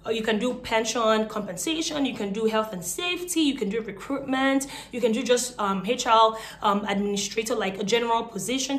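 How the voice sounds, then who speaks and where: Chatty Nigerian woman telling her story. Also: on the high side. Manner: chatty, animated, many fillers. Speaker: vlogger. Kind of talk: casual storytelling to camera.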